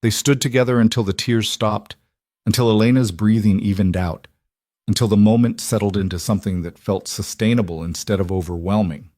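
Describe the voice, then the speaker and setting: A man narrates a scripted romance story in a low, measured voice. The sound is dry and close to the mic, and he reads it steadily. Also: dark tone, no room sound.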